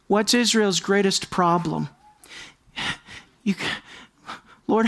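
A pastor delivering a sermon at an unhurried pace, speaking straight to the congregation. Key words come back again and again for emphasis, and each phrase is given its own weight. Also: mid-range voice, a bit bright. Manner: emphatic preaching, repeats key words for stress; addresses the congregation directly.

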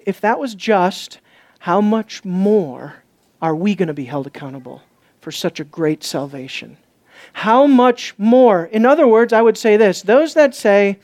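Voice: moderate pace, a little mellow, dry recording. Preacher type: emphatic, urgent teaching sermon, keeps checking the listeners follow, dry recording. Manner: emphatic, asks the listeners questions; rises to urgent, high-pitched stress. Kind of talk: expository sermon.

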